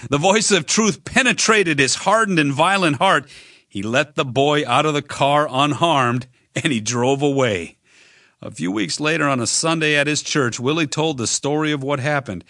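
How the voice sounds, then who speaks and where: A man preaching a sermon, earnest and measured, speaking straight to the listener and slowing on emphatic phrases. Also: a little high, pushed and bright, dry recording, clean studio sound. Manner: direct address to listener.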